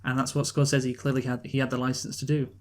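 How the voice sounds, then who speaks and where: A man's voice: medium pitch, little pitch movement, fast. A man from England casually reviewing a film with a co-host, rambling and swearing freely. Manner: rambling, swears freely, does comic impressions. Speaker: podcast co-host.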